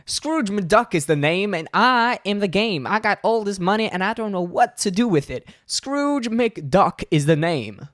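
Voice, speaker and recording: A man's voice: high-pitched, expressive, dry recording, clean studio sound, voice pushed up. Scrooge McDuck, a boastful old rich duck, as a man puts him on. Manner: loud, slow, proud boasting.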